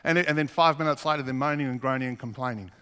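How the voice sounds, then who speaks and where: A man's voice: mid-range voice, fast talker, a bit bright, clean tone. A man preaching a sermon, earnest, asking the congregation questions as he reads scripture. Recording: long hall reverb.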